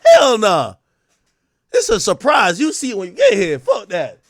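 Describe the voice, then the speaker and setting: High, lively-voiced male streamer. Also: unhurried, gravelly, dry recording, clean studio sound. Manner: animated, crude storytelling that acts out dialogue; breaks into loud shouting bursts. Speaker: live streamer. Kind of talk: casual livestream commentary.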